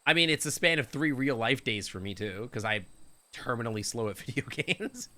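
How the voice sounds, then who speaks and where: Bright-voiced Canadian man streaming. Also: medium pitch, animated, normal speed. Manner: rambling, jokey, chatting with viewers. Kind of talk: live game stream commentary.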